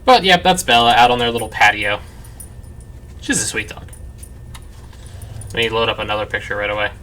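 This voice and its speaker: A man hosts a let's play at his parents' home, rambling through casual gameplay commentary full of "like" fillers while dogs bark nearby. His voice is lowish, fairly quick, pushed and bright, with a little hiss or hum.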